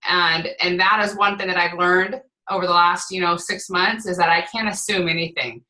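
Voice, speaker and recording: A woman leading a team call, coaching in an energetic way, repeating points and often checking in with "right?". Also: fairly low pitch, normal speed, rough recording. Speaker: team leader on a group call. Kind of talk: motivational coaching talk.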